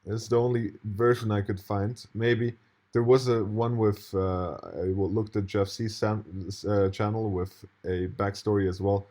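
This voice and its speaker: A man's voice: fairly low pitch, steady tone, a little slow, darkish tone. A man commenting casually on a video he plays, indignant and rambling, swearing now and then. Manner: indignant, rambling, profane, with restarts and laughs.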